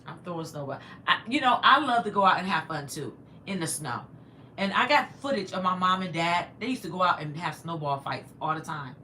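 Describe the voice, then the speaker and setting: A woman's voice: lowish voice, fairly quick, a little hiss or hum. A woman hosting a casual livestream from inside her house, chatting with viewers and reading their comments aloud. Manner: chatty and animated, talks back to viewers and her pet. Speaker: livestream host.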